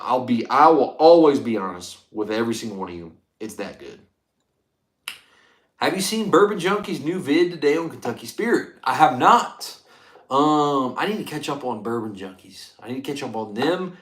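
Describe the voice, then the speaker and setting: A chatty man hosts a casual whiskey livestream, reading viewer comments aloud and reacting with excitement. His voice sits at an ordinary middle pitch. The sound bounces around an echoey room. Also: normal speed. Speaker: livestream host reviewing whiskey.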